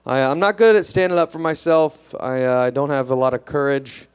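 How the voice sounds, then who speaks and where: A young man doing a stand-up comedy set on a club stage, deadpan and self-deprecating, hesitant with fillers. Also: mid-range voice, measured pace, smooth.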